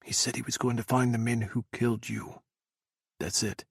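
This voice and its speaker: A man's voice: mid-range voice, fairly even intonation, normal speed, creaky, husky, no room sound, clean studio sound. A man voicing a distraught soldier who curses bluntly. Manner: cursing, blunt. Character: foul-mouthed male soldier, distraught. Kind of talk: audiobook character voice.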